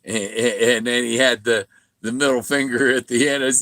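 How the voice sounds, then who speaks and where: A man's voice: mid-range voice, fairly even intonation, normal speed, a bit bright, no room sound. A man rambling through a casual monologue, stumbling and repeating words, sometimes mimicking other voices. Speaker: vlogger.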